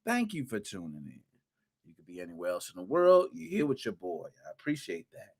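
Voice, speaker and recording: Lively hype podcast host, a man. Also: lowish voice, fairly quick. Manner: hype, playful, rhymes and slang, big shout-outs. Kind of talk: live-streamed gaming podcast intro, shouting out chat.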